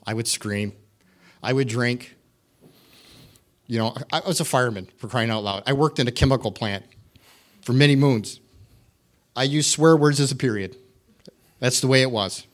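A middle-aged man from the United States shares his personal testimony at church. He talks in a candid, conversational way and pokes fun at himself with dry humor. His voice sits at an ordinary middle pitch. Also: fairly bright tone. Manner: candid, self-deprecating, wry humor. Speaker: church member giving testimony.

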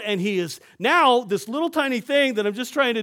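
A man's voice: high voice, very animated, fairly quick, hardly any pauses, a bit bright. A male pastor preaching to his congregation in a church, telling a personal story in a conversational way and often checking in with his listeners.

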